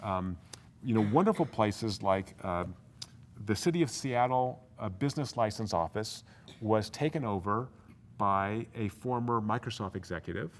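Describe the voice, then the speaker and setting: Energetic man giving a fast business lecture. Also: on the low side, a little hiss or hum. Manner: energetic, fast-talking, quick asides and rhetorical questions. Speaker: guest speaker.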